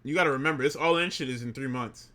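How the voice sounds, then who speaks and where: Bright, excitable man cracking up. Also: mid-range voice, quick pace. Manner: excitable, profane, laughs often. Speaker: podcast co-host. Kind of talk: casual wrestling podcast chat.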